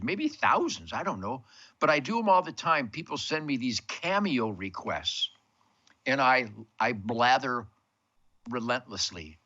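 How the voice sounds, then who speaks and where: A man's voice: a little high, pushed and bright, dull audio. An older man hosting a rambling, emphatic monologue from his home man cave, full of big words and wordplay. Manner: bombastic, emphatic, wordplay-heavy. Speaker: host.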